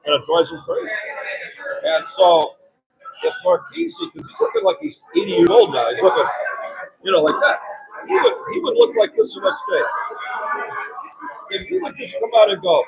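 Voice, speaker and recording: A man vents to the camera in a casual, blunt rant full of profanity and repeated phrases. His voice sits very high and has a gravelly fry, and it swings wildly up and down as he talks. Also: huge pitch swings, moderate pace, pauses often, crowd noise, low-quality recording. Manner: blunt, profane, repetitive ranting. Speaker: citizen auditor vlogger.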